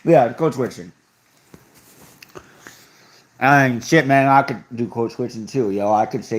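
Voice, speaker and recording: A man's voice: medium pitch, expressive, moderate pace, long pauses. A young man hosting a live stream, chatting casually and reacting to viewer comments with offhand sarcasm. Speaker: livestream host reading chat. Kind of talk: casual livestream chat.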